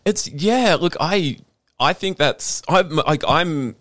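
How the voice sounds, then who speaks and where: A man's voice: on the high side, animated, slow, fairly bright tone, dry recording, clean studio sound. An Australian man hosting an interview over a video call, enthusiastic and restarting often. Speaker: podcast host. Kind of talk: interview host.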